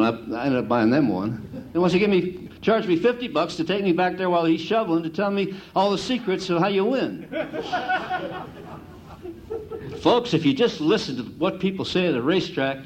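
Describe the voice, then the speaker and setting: A middle-aged man giving a folksy lecture on handicapping to an audience, an animated storyteller who mimics the gamblers he talks about. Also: a little high, lo-fi sound. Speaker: handicapping instructor.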